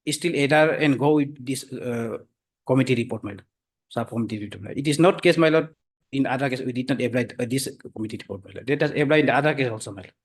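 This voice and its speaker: A man arguing before a judge in a courtroom, halting with many fillers and addressing the bench as "my lord" again and again. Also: mid-range voice. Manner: hesitant, full of fillers, repeats "my lord" constantly. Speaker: advocate for the government. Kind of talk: courtroom argument.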